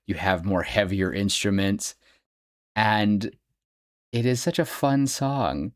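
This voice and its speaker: This young male podcast host talks at a slow pace in a lowish voice, enthusing about a favourite film in casual solo commentary, full of laughter and happy tangents. The sound is clean studio audio with no echo.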